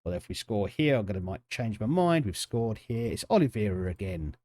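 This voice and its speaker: A man's voice: lowish voice, sing-song, fairly quick, a little mellow. A man, chatting casually and joking with viewers while streaming a football management game. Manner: chatty, jokey, reacts to chat and the match. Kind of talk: casual live-stream commentary.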